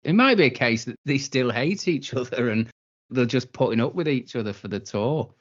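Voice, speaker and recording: A man's voice: medium pitch, animated, moderate pace, dull audio. A man with a Manchester accent, chatting casually on a podcast, blunt and wry. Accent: Mancunian. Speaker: podcast co-host. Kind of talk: casual chat.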